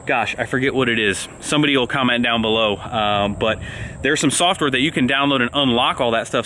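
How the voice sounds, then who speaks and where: A man's voice: mid-range voice, sharp tone, a little hiss or hum. Amped-up man rambling through a vlog. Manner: rambling and amped up, talking fast. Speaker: vlog host. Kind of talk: casual walkaround vlog.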